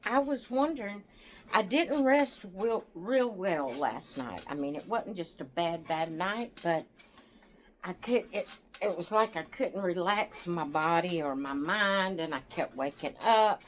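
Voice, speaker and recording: A tired woman hosting her own channel, chatting to viewers in a rambling, relaxed way and yawning now and then. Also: on the low side, unhurried, slight background noise. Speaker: doll channel host. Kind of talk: casual chat to viewers.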